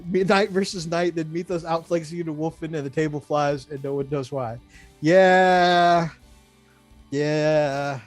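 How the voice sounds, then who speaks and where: Male co-host, animated storyteller, laughs often, slightly high voice, low music bed. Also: a little slow. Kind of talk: casual chat about tabletop gaming.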